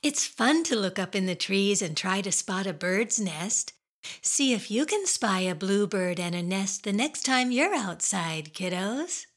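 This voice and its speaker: A woman hosting a children's radio show, talking playfully and singing slowly to small kids. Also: medium pitch. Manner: slow, sing-song, animated talk to kids.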